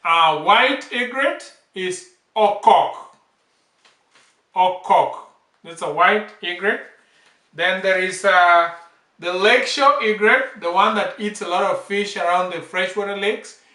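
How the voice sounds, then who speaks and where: A man teaching bird names, saying each word slowly and repeating it several times. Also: sits high, bright, forceful tone. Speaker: language teacher. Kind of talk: slow vocabulary lesson, repeating each word. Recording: echoey room, off-mic.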